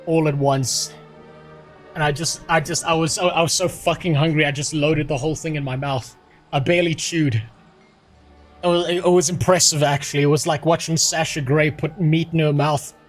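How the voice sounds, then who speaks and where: A male streamer with a slightly high voice talks off the cuff from a small room at home, rambling, swearing freely and poking fun at himself. He sounds a little queasy after being sick, and soft music plays faintly behind him. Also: fairly even intonation, normal speed. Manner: profane, rambling and self-mocking. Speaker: livestreamer. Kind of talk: casual livestream chat.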